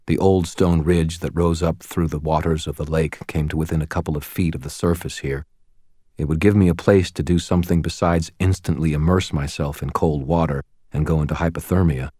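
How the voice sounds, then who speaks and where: A man reading a first-person novel aloud as an audiobook narrator, with a measured, steady delivery. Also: a bass voice, dry recording, clean studio sound.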